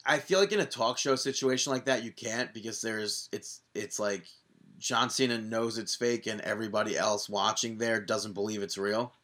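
A man co-hosting a podcast, chatting casually and telling stories with lively, acted-out quotes. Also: fairly low pitch, moderate pace. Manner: animated storyteller, acts out quoted voices. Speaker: podcast co-host. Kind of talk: casual wrestling chat.

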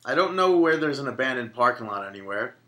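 A man co-hosting a podcast in casual, joking chat, quick to argue a point. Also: mid-range voice, expressive, pushed and bright. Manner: joking, argumentative. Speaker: podcast co-host.

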